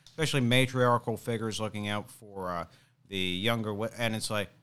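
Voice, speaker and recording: A young man in casual podcast chat, his voice smooth and clear. He rambles and hesitates, filling gaps with "uh" and "like.". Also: lowish voice, steady tone, moderate pace, a bit bright. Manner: rambling, hesitant with many fillers. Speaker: podcast host.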